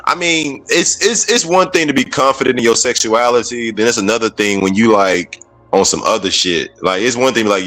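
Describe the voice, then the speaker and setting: A man's voice: mid-range voice, fairly quick, sharp tone, faint music behind, low-quality recording. Laid-back joking podcast co-host man. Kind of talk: casual podcast discussion.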